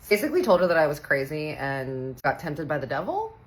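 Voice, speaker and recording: A woman in her thirties from Texas, telling a funny personal story in a casual, animated way, acting out the voices and swearing playfully. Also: sits low, normal speed, a little hiss or hum, rough recording. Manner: animated, acts out quoted voices, playful cursing.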